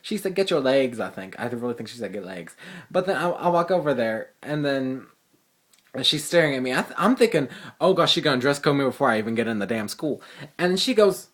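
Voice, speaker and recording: A teenage boy telling a story to his phone camera in a fast, profane, sassy ramble full of fillers. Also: fairly high pitch, lively intonation, fairly bright tone. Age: teens. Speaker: vlogger. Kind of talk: casual storytelling vlog.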